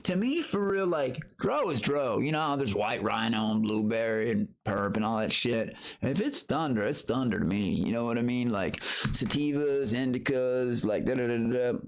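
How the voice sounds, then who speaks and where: An adult man streams live at a normal speed, chatting loosely and profanely with his viewers in a rambling way. When he greets them, his voice jumps higher and turns excited, all in casual livestream chat.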